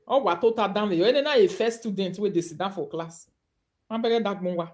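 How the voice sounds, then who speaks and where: A woman's voice: mid-range voice, brisk, a little mellow. A woman with a Nigerian accent ranting on a live video, mocking and scolding her targets. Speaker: online commentator.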